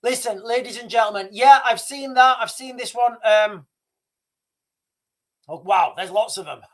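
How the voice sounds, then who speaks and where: A man's voice: extremely high pitch, moderate pace, fairly bright tone. A man hosting a live stream, talking casually and rambling with many restarts. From Britain. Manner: rambling, restarts, chuckles at himself. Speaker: livestream host.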